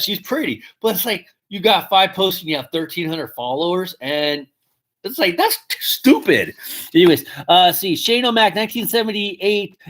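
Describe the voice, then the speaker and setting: A man's voice: sits high, fairly bright tone. Rambling man hosting a live stream. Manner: rambling, swears casually, reads chat aloud. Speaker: podcast host. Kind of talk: casual live-stream chat.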